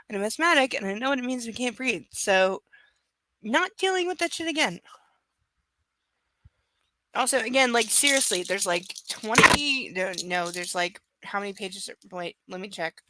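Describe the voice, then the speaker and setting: A woman's voice: on the high side, sharp tone, no room sound. A woman reading a novel aloud on a livestream, breaking off to chat, swear and tease her viewers by name. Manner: chatty, profane, teasing viewers by name. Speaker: livestream reader. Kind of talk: live reading with casual chat asides.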